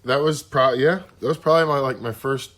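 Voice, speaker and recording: A man's voice: mid-range voice, brisk, fairly bright tone. A young man co-hosting a podcast, telling rambling stories in casual chat and swearing freely. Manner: rambling storyteller, swears often. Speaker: podcast co-host.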